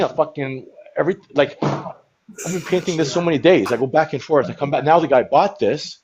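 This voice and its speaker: A man's voice: on the high side, fairly quick, a little mellow, lo-fi sound, slight background noise. A man hosting a live stream, joking around and swinging into exaggerated mock crying and laughter, swearing and saying man a lot. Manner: profane, repeats words like man. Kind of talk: comedic live stream banter.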